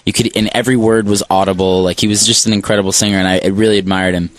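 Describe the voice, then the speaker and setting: A man's voice: on the low side, level tone, rapid-fire, no room sound. A man in his twenties, a singer guest telling a rambling story in a radio studio, full of likes and restarts. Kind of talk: casual radio interview chat.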